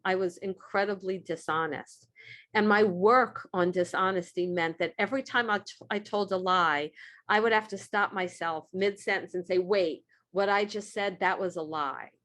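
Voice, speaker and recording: A woman's voice: a little high, fairly bright tone. A woman giving an earnest, candid talk on recovery steps, reading short passages aloud and then reflecting on them. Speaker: speaker at a recovery meeting.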